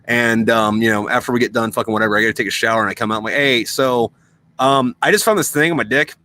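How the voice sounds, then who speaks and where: Profane, bright-voiced young man telling stories. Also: mid-range voice, steady tone, quick pace, slight background noise. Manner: profane, storytelling, lots of fillers. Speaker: podcast host. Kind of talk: crude casual chat.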